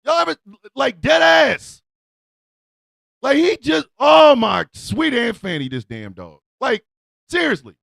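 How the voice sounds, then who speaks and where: A man hosting a radio show, ranting loudly in a comic, excitable way, yelling and cursing. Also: extremely high pitch, takes it slowly, vocal fry, long pauses, no echo. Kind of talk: loud comic rant.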